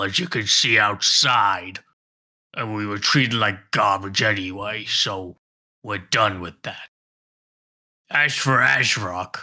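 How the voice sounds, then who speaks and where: A man voicing a crude, dismissive male bugbear grunt in a tabletop game, blunt, rough and swearing. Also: fairly low pitch, bright, forceful tone, exaggerated voice. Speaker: game master.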